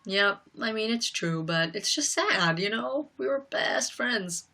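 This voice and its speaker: A woman's voice: mid-range voice, animated, measured pace, bright, forceful tone, recorded from a distance. A young woman hosting a livestream, talking casually and emphatically, rambling with lots of fillers. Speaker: livestream host.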